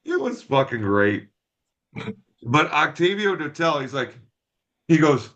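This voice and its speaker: A man chats loosely on a podcast, cursing constantly and acting out every quote. His pitch swings widely and his tone is bright and forceful. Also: measured pace. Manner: profane, animated storyteller, acts out quotes. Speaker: podcast co-host. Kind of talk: casual chat, storytelling.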